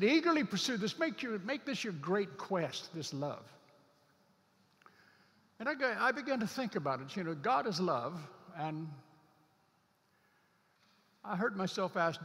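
Male pastor, slightly high voice, earnest sermon delivery with drawn-out emphasis; long hall reverb. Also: creaky, fairly bright tone. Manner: earnest, stretches out key scripture words for emphasis.

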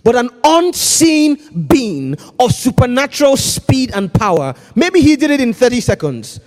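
A man preaching a sermon, swinging between hushed intensity and shouting. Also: very high voice, sing-song, unhurried, big-room sound.

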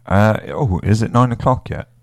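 Guy hosting radio, deep voice, jokey and rambly, dry close sound. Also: lively intonation, moderate pace, creaky, dry recording. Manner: rambling, jokey, trails off mid-sentence. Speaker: radio show host. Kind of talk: casual radio chat.

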